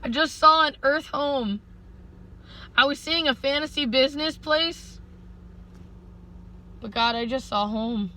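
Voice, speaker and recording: A woman speaks to her viewers in a loose, stream-of-consciousness vlog monologue. Her voice sits high and sounds bright. She talks earnestly and often slips into pleading. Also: a little slow, long pauses, slight background noise, low-quality recording. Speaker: vlogger. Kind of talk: rambling spiritual vlog monologue.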